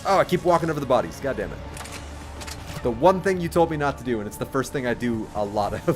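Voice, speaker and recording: A man doing livestream commentary over a video game, joking, giggling often and shouting out during fights. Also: mid-range voice, big pitch swings, fast talker, soft background music. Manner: giggly, jokey, loud exclamations in fights. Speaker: game streamer.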